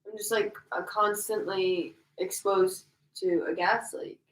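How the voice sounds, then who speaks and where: A woman's voice: medium pitch, fairly even intonation, unhurried, recorded from a distance. A woman co-hosting a casual chat, telling stories and laughing through her words. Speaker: podcast co-host. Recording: echoey room, a bit off-mic.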